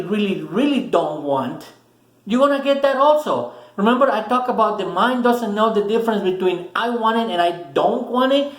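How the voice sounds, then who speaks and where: Earnest man in an echoey room. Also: sits high. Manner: earnest, repeats words for emphasis. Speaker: motivational vlogger. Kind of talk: casual motivational talk to camera.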